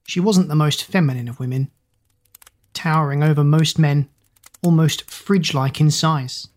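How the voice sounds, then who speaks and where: Woman reading a story in a low, even voice. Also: moderate pace. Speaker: narrator. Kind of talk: storybook narration.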